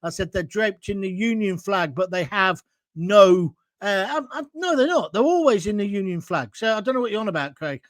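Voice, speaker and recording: A middle-aged man hosts a live political talk stream, arguing hard and rising to near shouts. His voice sits unusually high for a man. The sound is dry and close, with no room around it. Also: expressive, fairly quick, no room sound. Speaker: host of a live online political show. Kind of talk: opinionated live-stream commentary reading viewer comments.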